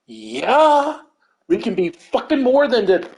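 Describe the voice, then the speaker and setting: A man's voice: extremely high pitch, takes it slowly, slight background noise. A man telling a gaming story in casual chat, swearing a lot and acting out what others said. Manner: animated and profane, acts out what others said.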